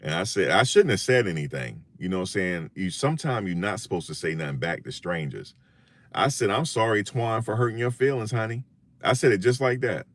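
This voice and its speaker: Low-voiced older New man joking. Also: brisk, no echo. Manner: animated, jokey, repeats himself. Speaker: vlogger. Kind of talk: casual storytelling monologue.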